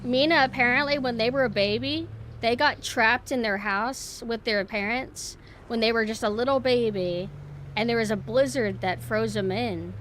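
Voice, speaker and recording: A woman streamer giving casual gameplay commentary, chatting to her viewers and jumping to high squeals when flustered. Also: normal speed, a bit bright, slight background noise.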